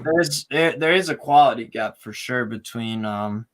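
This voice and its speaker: A man's voice: mid-range voice, measured pace, a little hiss or hum. A man hosting a football fan stream, chatting casually and calling plays as they happen. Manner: relaxed, calls plays mid-chat. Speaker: stream host. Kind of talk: casual chat with match commentary.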